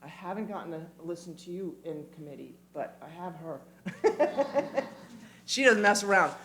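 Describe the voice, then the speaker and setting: A woman giving an animated, emphatic community talk, with quick asides, in a church hall. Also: fairly low pitch, crowd noise. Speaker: speaker.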